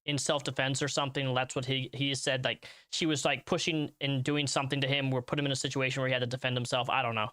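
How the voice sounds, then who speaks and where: A man's voice: medium pitch, level tone, fast talker, few pauses, sharp tone. A man hosting a livestream, talking casually and rambling, often restarting his sentences. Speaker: livestream host.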